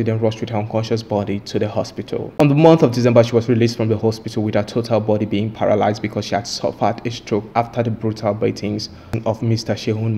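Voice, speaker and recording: Man with a dark, emphatic lecturing voice. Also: mid-range voice. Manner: repetitive, emphatic, lecturing delivery; addresses viewers directly. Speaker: true crime channel host. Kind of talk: recounting a case, then opinion commentary.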